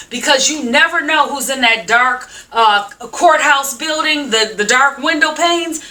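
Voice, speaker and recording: A woman's voice: high voice, sharp tone, distant mic, low-quality recording. A middle-aged woman hosting a show, talking frankly and emphatically to viewers and calling them sis. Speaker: show host. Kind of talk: direct-to-camera motivational talk.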